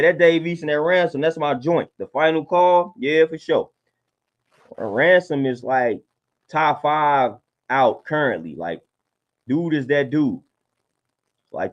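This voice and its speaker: A man's voice: medium pitch, muffled recording. A man talking casually on a livestream, laid-back and preachy, often repeating his points. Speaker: livestream host.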